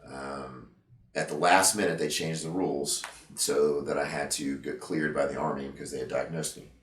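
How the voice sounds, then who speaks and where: A man being interviewed about his past, talking in a halting, reflective way with many fillers and restarts, emotional at times. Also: very deep voice, steady tone, a bit bright, roomy sound, recorded from a distance. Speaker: interview guest, veteran and gym owner. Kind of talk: candid interview conversation.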